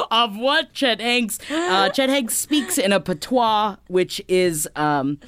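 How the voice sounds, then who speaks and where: A woman's voice: mid-range voice, expressive, takes it slowly, fairly bright tone, no room sound, clean studio sound. A woman co-hosting a podcast in casual chat, telling stories with fillers and frequent laughter. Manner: laughs often, storytelling with fillers. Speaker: podcast co-host.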